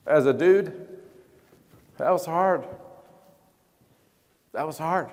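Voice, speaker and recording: A man giving a live motivational sermon in a large event hall. He talks emphatically, asks the audience questions, and often drops to hushed tones. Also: on the high side, steady tone, a little slow, pauses often. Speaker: motivational speaker. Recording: long hall reverb.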